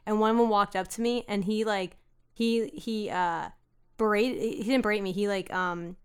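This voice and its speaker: A woman chatting casually with friends on a podcast, animated and quick to dive into details. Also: mid-range voice, smooth. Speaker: podcast panelist. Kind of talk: casual group chat.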